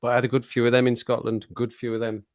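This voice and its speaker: A man's voice: mid-range voice, completely flat delivery, fast, no echo, studio quality. A man hosting a livestream, chatting casually, reading the chat aloud and laughing often. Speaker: livestream host.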